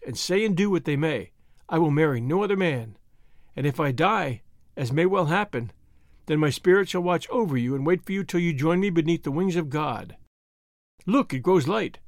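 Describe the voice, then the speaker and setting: A man's voice: fairly high pitch, dry recording, clean studio sound. A man reading the lines of a devoted young woman, earnest and solemn as she makes her vows.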